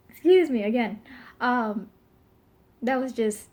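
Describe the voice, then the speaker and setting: A woman's voice: fairly high pitch, moderate pace, long pauses, a little mellow. Rambling pregnant woman vlogger. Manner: rambling, filler-heavy, giggly. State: pregnant, burping now and then. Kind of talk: casual chat to camera.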